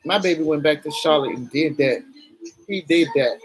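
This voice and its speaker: A woman's voice: low voice, normal speed, breathy edge, poor audio. A middle-aged woman talking candidly to her camera in a chatty, emotional vlog, swearing casually as she goes. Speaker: vlogger.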